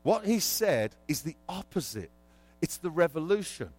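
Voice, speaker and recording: A man preaching a sermon as pastor, telling an animated story and quizzing the congregation. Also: on the high side, normal speed, soft background music.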